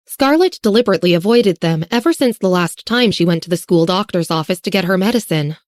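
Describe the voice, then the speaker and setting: A woman narrating an audiobook in a slow, even reading manner. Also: on the low side, no room sound, studio quality. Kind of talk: scripted narration.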